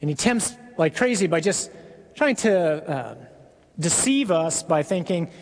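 A man, a priest, preaching a sermon emphatically, with hushed dramatic drops in his voice. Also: a little high, expressive, unhurried. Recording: echoey hall.

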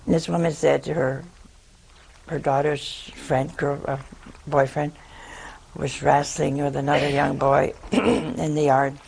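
A woman's voice: low voice, steady tone, unhurried, gravelly, darkish tone, husky, low-quality recording. An older woman, a nun, telling a funny personal story to an audience in a folksy, self-mocking way. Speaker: nun, head of a religious community.

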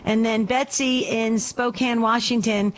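Gently reassuring woman radio host. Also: on the high side, fairly even intonation, measured pace. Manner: gentle and reassuring, restarts her phrases. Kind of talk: call-in radio show chat.

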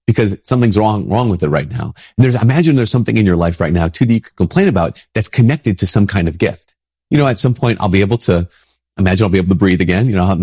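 Sick priest guy, stuffy nose, kinda husky, low voice, chatty and restarts a lot. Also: a little mellow, no echo, clean studio sound. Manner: casual, rambling, frequent restarts. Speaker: Catholic priest. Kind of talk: conversational spiritual talk.

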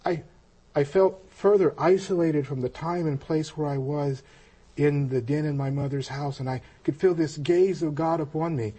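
A man telling a personal story of his spiritual experience, halting and reflective, with frequent pauses and restarts. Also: fairly high pitch, fairly even intonation, dark tone, slightly rough. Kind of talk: personal testimony.

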